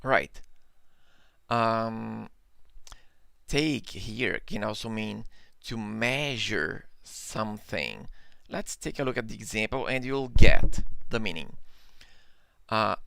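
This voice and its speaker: A man's voice: lowish voice, takes it slowly, vocal fry, pauses often, bright, forceful tone, smooth, no room sound. A man with a Brazilian Portuguese accent teaching a live online English lesson, patiently repeating examples and checking in with "okay?".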